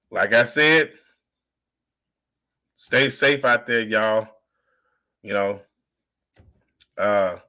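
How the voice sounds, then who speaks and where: A man's voice: medium pitch, sharp tone. A young adult man hosting a live podcast, signing off with emphatic, repetitive, rousing build-ups. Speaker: podcast host.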